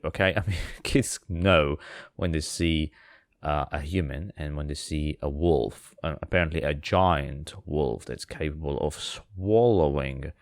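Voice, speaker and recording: Low-voiced man, rambling comic storyteller. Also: dry recording, studio quality. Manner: rambling, sarcastic, lots of fillers and restarts. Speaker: podcast host.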